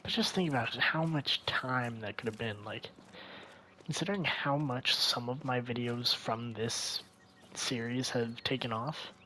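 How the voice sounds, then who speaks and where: A young man narrates his gameplay in a loose, rambling way, thinking aloud and often sinking into a hushed tone. His voice is sharp and bright, with faint noise underneath. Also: medium pitch, unhurried. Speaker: gaming video creator. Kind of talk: casual gameplay commentary.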